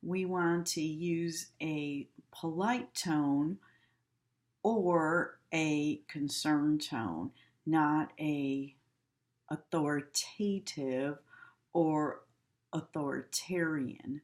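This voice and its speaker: Woman teacher recording a class at home, slow-paced, demonstrative. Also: deep voice, darkish tone. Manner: slow, demonstrative, acts out tones and gestures.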